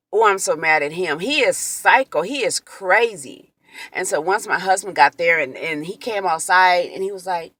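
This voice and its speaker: A woman telling an emotional personal story in a vlog, animated and full of quoted exclamations. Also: lowish voice, unhurried, dry recording. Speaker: vlogger.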